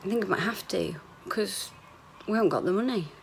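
A woman's voice: medium pitch, a little fast, gravelly, faint music behind. A woman, rambling candidly in a chatty video diary, sometimes swearing. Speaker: vlogger.

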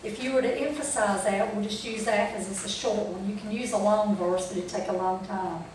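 A woman's voice: mid-range voice, steady tone, brisk, a little mellow, slight background noise. A woman leads a church Bible lesson, speaking folksy and plain and often asking the room if they follow. Her voice sits in the middle of the range. It comes from a distance in a very echoey room, with faint room ambience behind. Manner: folksy, asks the group questions. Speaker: Bible study teacher. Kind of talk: church training talk.

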